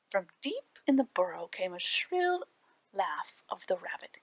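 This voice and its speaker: A woman reading folktales aloud to children at a library storytime, animated and breaking into hushed asides. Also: fairly low pitch, moderate pace, creaky, husky, dry recording.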